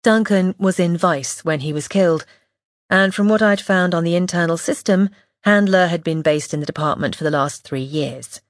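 A woman reading a first-person audiobook in a measured, wry, observant way, close to the mic. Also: fairly low pitch, no echo. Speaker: audiobook narrator.

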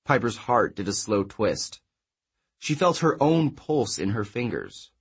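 Male audiobook narrator, low and husky, even, measured read. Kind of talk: scripted narration.

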